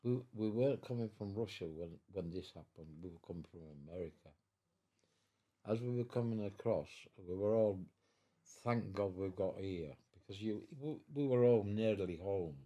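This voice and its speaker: A very old man speaks in a low, dark, mellow voice. He tells his story haltingly, stumbling over and repeating words, and slips into the voices of the people in it. He sits at home in his living room. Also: lo-fi sound. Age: 90s. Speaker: veteran guest. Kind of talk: storytelling in an interview.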